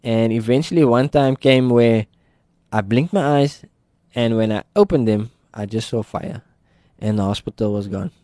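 Speaking at normal speed in a medium-pitched, dark-toned voice, a South African guest earnestly shares his personal testimony in an interview. He acts out the people he quotes, and the audio is clean studio sound with no echo.

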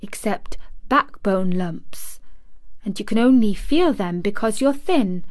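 A woman reading an audiobook, voicing a furious, bossy little girl who shouts and scolds. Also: mid-range voice, expressive, slow, dry recording, clean studio sound. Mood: commanding. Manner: shouting, scolding, stamping emphasis. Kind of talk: audiobook character voice.

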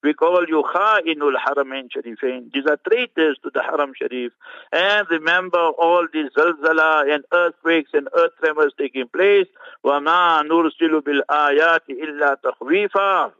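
A man translating and commenting on a Friday sermon, fervent and scornful, breaking into quick Arabic recitations. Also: fairly high pitch, pushed and bright, no echo. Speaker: religious scholar commenting on a sermon. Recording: muffled radio broadcast.

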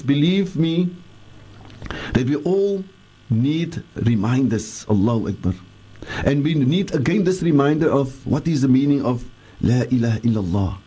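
A man's voice: mid-range voice, dark tone, breathy edge. A man, a religious scholar on a radio show, speaking earnestly and repeating phrases for emphasis as he teaches and leads remembrance. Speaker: Islamic scholar answering listeners on radio. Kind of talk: radio talk on faith, leading remembrance.

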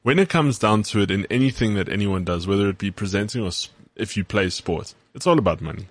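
Low-voiced South African man, easygoing. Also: quick pace, no echo. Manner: easygoing, agreeable, chimes in with short replies. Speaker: podcast co-host. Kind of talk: casual chat.

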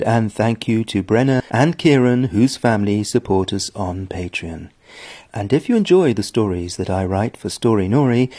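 A man with a warm, mellow voice reads a friendly announcement. His pitch sits slightly low and he speaks plainly. The sound is dry and close. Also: slightly rough, no room sound. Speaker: story writer. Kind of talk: scripted announcement.

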